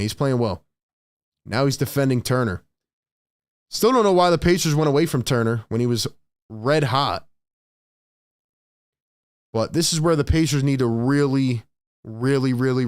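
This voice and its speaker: A man's voice: mid-range voice, smooth, no echo, studio quality. A young man hosting a live stream, calling the action play by play and reading the chat aloud between plays. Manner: reads chat aloud, rapid play calls, rises on big plays. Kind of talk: casual live play-by-play commentary.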